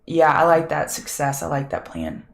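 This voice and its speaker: Low-voiced woman hosting a trading stream. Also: sing-song, normal speed, creaky. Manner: chatty, reads viewer names, thinks aloud over charts. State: scratchy voice. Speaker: trading show host. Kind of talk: live market prep chat with viewers.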